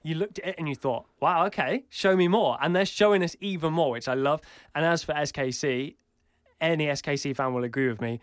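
British male co-host, animated and playful, light higher voice, dry close recording. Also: a little fast, clean tone, no room sound. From United Kingdom. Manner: animated, jokey, sings chants. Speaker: podcast co-host. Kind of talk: casual sports chat.

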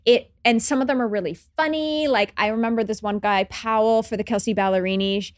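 A middle-aged woman, a guest on a podcast, chatting casually and telling stories with lively acted-out quotes. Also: on the high side, fairly quick. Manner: animated storytelling, acts out quotes. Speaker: guest, TV show creator and host.

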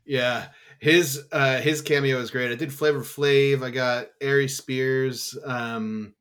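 A man hosts a loose, casual podcast conversation. He talks at an easy middle pitch, swears without a second thought and pads his sentences with plenty of fillers. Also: takes it slowly, smooth. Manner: relaxed, swears freely, many fillers. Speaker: podcast host. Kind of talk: casual chat.

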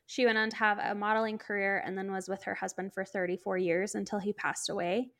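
A woman's voice: medium pitch, level tone, brisk, a bit bright. Chatty woman podcast co-host. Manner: chatty, many "like" fillers, laughs while talking. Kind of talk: casual chat.

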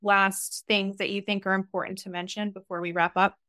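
A woman's voice: medium pitch, level tone, fairly quick, pushed and bright, dry recording, studio quality. A woman hosting a podcast, speaking in a heartfelt, emotional way. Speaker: podcast host. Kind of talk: podcast conversation.

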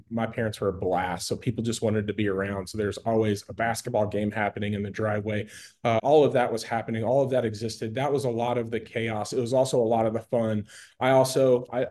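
A man's voice: lowish voice, a little mellow. A man in his forties, a guest on an interview show, telling his own story candidly and earnestly, often restarting his sentences. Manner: earnest, candid, repeats words when starting a thought. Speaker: nonprofit founder, guest.

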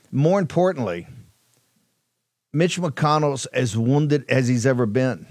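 A man's voice: medium pitch, a little mellow, no room sound, clean studio sound. A man hosting a political talk show, delivering a combative, rambling monologue full of emphatic repetition. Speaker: host.

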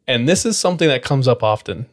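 With a medium-pitched voice and a quick pace, this man hosts a podcast and casually recounts something spooky. His laid-back retelling is full of "like."

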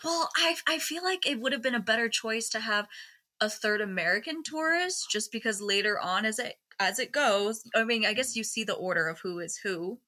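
Bright, animated woman chatting. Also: fairly high pitch, moderate pace. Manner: animated, blunt, laughs often. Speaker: co-host. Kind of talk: casual podcast chat.

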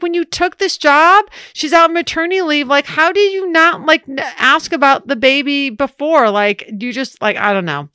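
A woman's voice: high-pitched, pushed and bright, no echo, clean studio sound. A woman co-hosting an advice podcast, chatting casually with lots of laughter and fillers. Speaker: podcast co-host.

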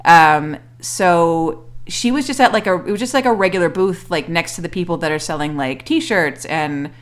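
Casual rambling woman, lowish voice. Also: moderate pace. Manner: rambling, many fillers and restarts. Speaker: podcast co-host. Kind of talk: casual chat.

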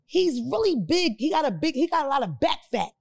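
A woman hosting a casual podcast chat, animated and joking, swearing freely as she tells stories. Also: high-pitched, a little fast, creaky, no room sound, clean studio sound. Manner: animated, profane, joking storyteller. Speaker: podcast host.

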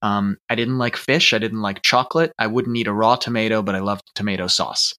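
A man, a guest chef, chatting casually and telling lively stories with acted-out dialogue. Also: fairly low pitch, a little fast. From United States. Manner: lively storyteller, acts out dialogue. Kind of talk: casual chat.

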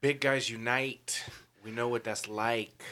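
A man's voice: mid-range voice, steady tone, bright, forceful tone. A man co-hosting a podcast, cutting in with joking asides in casual chat. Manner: joking interjections, quick asides. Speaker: podcast co-host.

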